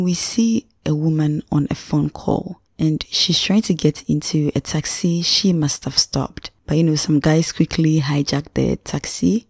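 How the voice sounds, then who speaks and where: Young woman podcaster, low mellow voice, dry close sound, chatty and slangy. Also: dry recording. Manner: chatty and slangy, addresses listener directly. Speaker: podcast host, film reviewer. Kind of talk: casual spoken movie review.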